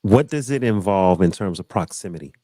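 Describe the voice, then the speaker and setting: A man's voice: sits low, lively intonation, brisk, dark tone, dry recording. A man hosting a casual panel chat, loose and repetitive, often calling out to the group. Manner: loose, repeats phrases, says y'all. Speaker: host.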